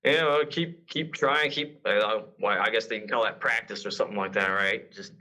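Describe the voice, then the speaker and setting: A man from Mississippi, an author guesting on a casual podcast, who talks in a halting way, searching for words. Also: on the low side, bright, forceful tone. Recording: dull, muffled audio.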